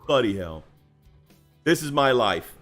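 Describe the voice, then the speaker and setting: A man hosting a casual livestream, bantering loudly and laughing as he teases his guests. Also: mid-range voice, very animated, measured pace, faint music behind. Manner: loud, laughing, teasing. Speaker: host.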